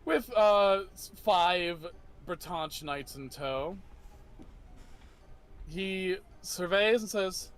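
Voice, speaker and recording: Slow halting game master man. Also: high-pitched, fairly bright tone, clean tone. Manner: halting, many fillers and restarts, laughs a lot. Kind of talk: narrating a tabletop game.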